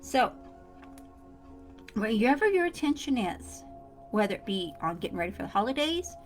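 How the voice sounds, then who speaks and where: A woman's voice: fairly high pitch, big pitch swings, normal speed, soft background music. A woman giving a casual motivational tutorial straight to her viewers, earnest and repetitive. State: coughing fits. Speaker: self-help vlogger.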